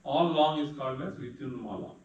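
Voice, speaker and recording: A man teaching a class, explaining patiently step by step and chanting verses slowly. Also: mid-range voice, darkish tone, dull audio. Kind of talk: lecture on Sanskrit meter. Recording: echoey room, distant mic.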